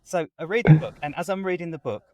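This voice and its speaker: A man speaking as a guest voice actor in a conversational interview, chatty and animated as he explains his work at length. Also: on the high side, fast talker, a crowd in the background.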